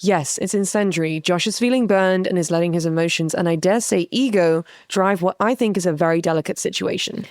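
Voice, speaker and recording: A woman's voice: lowish voice, fairly quick, hardly any pauses, no echo, clean studio sound. A woman co-hosting a podcast, recapping a TV episode in candid, casual chat and swearing freely. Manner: candid, sweary, animated retelling of scenes. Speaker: podcast co-host.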